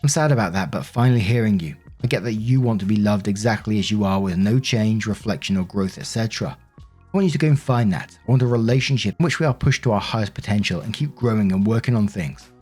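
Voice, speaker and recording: A man's voice: on the low side, quick pace, darkish tone, breathy edge, faint music behind. A man reading the lines of a wounded, accusing wife in his own voice while narrating a Reddit story. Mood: hurt. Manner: bitter, reproachful, pleading.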